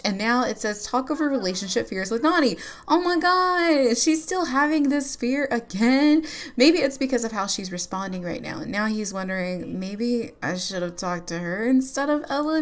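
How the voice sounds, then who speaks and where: Chatty woman narrating her game. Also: mid-range voice. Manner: chatty, giggly, lots of filler words. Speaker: gameplay YouTuber. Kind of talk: casual gameplay commentary.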